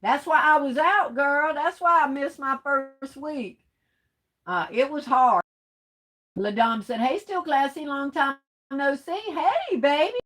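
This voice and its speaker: A woman hosting a casual livestream, reading viewer comments aloud in relaxed, colloquial speech and calling viewers "baby doll" and "darling.". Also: high voice, slow. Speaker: livestream host.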